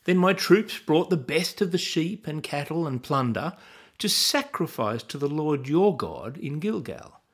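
A man's voice: a little high, sing-song, measured pace, slightly rough, heavily acted. A man reading the part of a defensive, anxious king who makes excuses and pleads, in a Bible reading. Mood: insistent. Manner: pleading, insistent.

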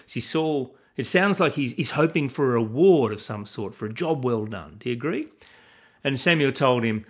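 A man's voice: mid-range voice, lively intonation, normal speed, husky. A man teaching from the Bible in a sermon style, earnest and asking his listeners questions.

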